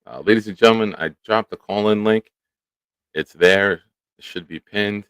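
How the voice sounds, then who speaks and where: Deep-voiced male host of a live stream, lively and chatty, dry studio mic. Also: moderate pace, clear, resonant tone, no room sound. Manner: animated, talks to chat by name. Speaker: show host. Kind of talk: casual live-stream chat. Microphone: studio microphone.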